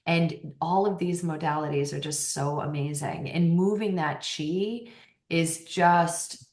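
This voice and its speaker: An animated woman talks candidly as a podcast guest, her lower voice swinging between hushed and emphatic. The room around her adds a noticeable echo. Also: takes it slowly. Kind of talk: casual conversational interview. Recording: roomy echo.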